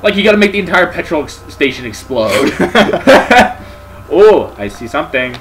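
A young man co-hosting a let's play, musing and joking slowly while he plays. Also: on the high side, very animated, music in the background, rough recording. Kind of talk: casual gaming commentary.

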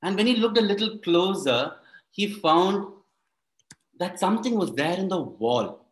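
A man's voice: high-pitched, sing-song, measured pace. A man telling a story performatively to children and adults, often quizzing the audience.

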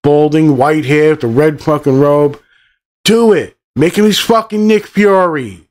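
A man's voice: fairly high pitch, measured pace, a little mellow. A middle-aged man ranting angrily about a movie, swearing constantly and rambling from point to point. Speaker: channel host reviewing a movie. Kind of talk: profane ranting movie review.

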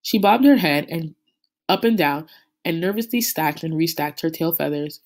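A woman teacher reading a novel chapter aloud to her class, in a steady, unhurried storytelling manner. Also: sits low.

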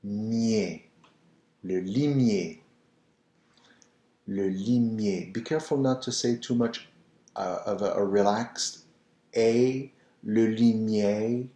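A man teaching pronunciation, who repeats each word slowly and coaxes the listener to try it. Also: lowish voice, mellow. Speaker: French teacher. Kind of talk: slow, patient pronunciation lesson. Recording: echoey room.

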